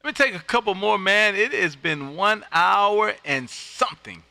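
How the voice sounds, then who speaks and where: A man from Texas, making ham radio contacts on a live stream from his radio room, loud, upbeat and quick to laugh. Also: high-pitched, expressive, creaky. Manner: loud, upbeat, laughs often, friendly drawl.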